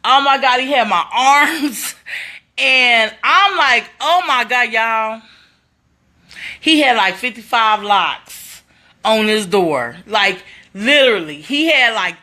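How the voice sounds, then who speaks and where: Woman vlogging a story, bright high-ish voice, animated, talks to viewers like y'all. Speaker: vlogger telling a personal story. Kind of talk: casual storytelling to camera.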